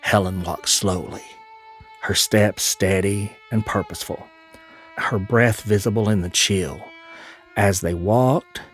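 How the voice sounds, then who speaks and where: A man narrating a fantasy audio drama in a measured, storytelling way, with folksy Southern turns of phrase. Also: on the low side, fairly bright tone, faint music behind.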